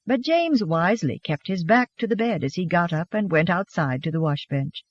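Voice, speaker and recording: An audiobook narrator reading a romance novel in an expressive, gently animated storytelling manner. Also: mid-range voice, normal speed, muffled recording.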